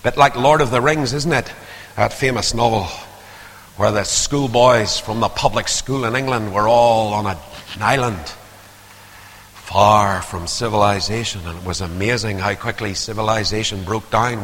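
Preacher in an echoing hall. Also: male voice, fairly low pitch, normal speed. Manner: dramatic swings from hushed to loud. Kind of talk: sermon. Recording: long hall reverb.

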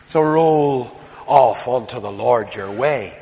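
A man preaching a sermon as a storyteller, moving between soft, quiet passages and loud, emphatic ones. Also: medium pitch, takes it slowly. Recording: reverberant hall, faint background noise.

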